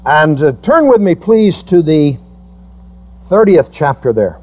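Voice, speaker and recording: A man's voice: big pitch swings, slow pace, a little mellow, muffled recording. A male pastor preaching a sermon, quoting his listeners in mock voices and building to emphatic rebukes. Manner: preaching with sweeping pitch swings, quoting congregants in put-on voices.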